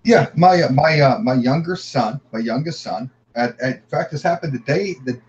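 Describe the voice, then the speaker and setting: A middle-aged man recounting his family's paranormal experiences as a guest, halting and repeating words as he tells it. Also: mid-range voice, muffled recording, a little hiss or hum.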